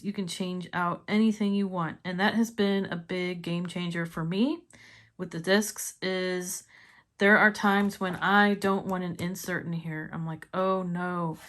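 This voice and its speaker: A woman with a Missouri accent chatting casually in a planner review vlog, laughing often and sounding enthusiastic. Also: mid-range voice. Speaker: planner vlogger.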